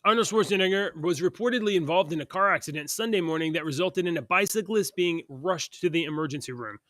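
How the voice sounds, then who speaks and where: High, bright-voiced male podcast host. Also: quick pace, no room sound, studio quality. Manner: chatty, stumbles and restarts while reading headlines. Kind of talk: casual chat, reading news aloud.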